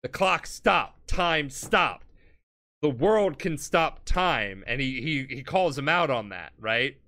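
On a comedy podcast, a drunk man rambles through an anime plot recap, swearing freely and briefly acting out characters' lines in quick snippets. His voice is on the high side, expressive, bright and forceful.

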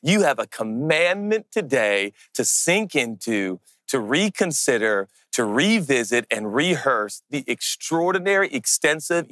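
A man preaching a sermon as pastor, earnest and intimate, slowing down to press on key words. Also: medium pitch, a bit bright, dry recording.

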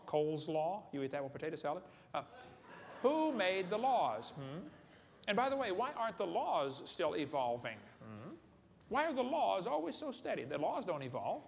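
Here a man with a slightly high voice and vocal fry delivers a folksy, joke-filled seminar lecture to a live audience in a large hall, often asking the crowd questions. The sound is echoey, with faint room noise.

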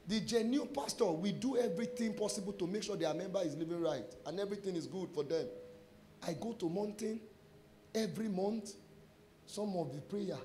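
A Nigerian pastor with a noticeably high voice preaches through a string of testimony stories. He acts out each exchange in lively quoted dialogue and drops into pidgin phrases as he goes. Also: a little hiss or hum. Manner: animated storyteller acting out dialogue. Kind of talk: sermon testimony.

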